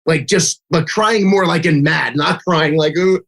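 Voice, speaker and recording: A man's voice: on the high side, a little slow, gravelly, a bit bright. A man who coaches youth baseball, telling stories in a casual interview, chatty and full of "like", acting out quotes. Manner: chatty, fills speech with "like", acts out kids' and his own quotes. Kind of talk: casual interview chat, storytelling.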